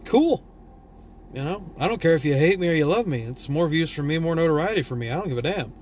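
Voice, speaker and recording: A man's voice: fairly high pitch, lively intonation, rapid-fire, a little hiss or hum. A tired man from Texas with a Southern drawl, vlogging a blunt, profane, rambling rant. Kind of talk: casual opinion rant.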